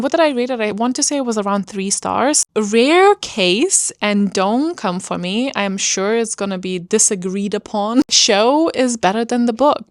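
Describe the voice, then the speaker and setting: A woman's voice: medium pitch, dry recording, studio quality. A woman vlogger talking casually about books, chatty and rambling with lots of fillers. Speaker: book vlogger. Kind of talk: casual chat.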